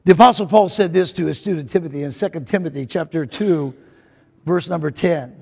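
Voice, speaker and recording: A man's voice: on the high side, a little fast, gravelly, darkish tone, husky, long reverb tail. A man preaching a sermon, emphatic and repetitive, calling out to the congregation.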